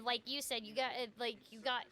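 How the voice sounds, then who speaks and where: Bright, high-voiced chatty American woman. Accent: Minnesotan-tinged American. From Seattle, USA. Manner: chatty, animated, quick to laugh. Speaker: host. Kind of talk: casual chat.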